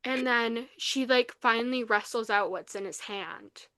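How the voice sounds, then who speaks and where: Animated young woman recapping a book. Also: fairly high pitch, a little slow, no room sound. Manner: animated retelling, acts out quotes, many fillers. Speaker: podcast co-host. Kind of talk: casual book review chat.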